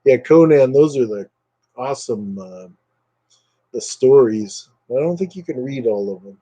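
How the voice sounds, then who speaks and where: Guy doing a laid back livestream at home, mellow dark voice, lots of uhs, reads the chat out loud. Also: mid-range voice, a little slow. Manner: rambling, reads viewer comments aloud; relaxed, hesitant with many fillers. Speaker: livestream host.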